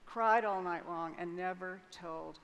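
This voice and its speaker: An older woman speaks at a measured pace in a lowish voice with vocal fry, telling a personal story candidly as an interview guest on a large conference hall stage. Her account is frank and vivid, with hesitant restarts, recorded with long hall reverb and faint noise.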